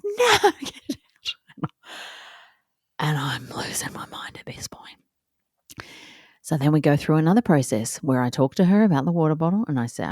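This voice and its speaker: An Australian woman in her thirties tells a story from her own life in a low, mellow voice. She recounts it with animated exasperation and acts out each person's lines. The recording is close and dry, with no room sound. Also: no room sound. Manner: animated, exasperated retelling with acted-out quotes. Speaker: podcast host. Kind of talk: casual storytelling monologue.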